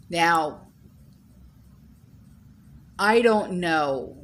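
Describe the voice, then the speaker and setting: A woman's voice: deep voice, slow pace, slight background noise. A woman hosting her own channel, chatting casually to viewers in a rambling way, full of "you know" and "okay?". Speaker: channel host.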